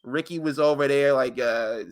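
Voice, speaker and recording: A man's voice: medium pitch, normal speed, clean tone, dry recording, studio quality. A man co-hosting a podcast in casual chat, joking loosely as he reads out listener answers. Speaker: podcast co-host.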